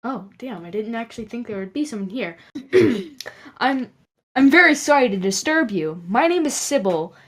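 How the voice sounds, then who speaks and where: A woman's voice: fairly high pitch, lively intonation, normal speed. A woman playing her character in a tabletop role-playing game, playful and bossy with her party. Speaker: player.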